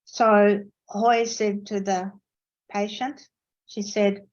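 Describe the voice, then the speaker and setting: A woman's voice: level tone, very slow, darkish tone, dull audio. Woman telling lecture anecdotes. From Netherlands. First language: Dutch. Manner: anecdotal, storytelling with emphatic pitch jumps. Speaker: interpreting lecturer. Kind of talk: online academic seminar talk. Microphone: video call.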